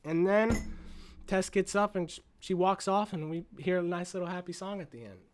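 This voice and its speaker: Young guy, fairly high voice, swears nonstop, rambling and fired-up vlog reviewer. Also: normal speed. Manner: excitable, profane, rambling retelling. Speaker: movie reviewer. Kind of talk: casual movie review vlog.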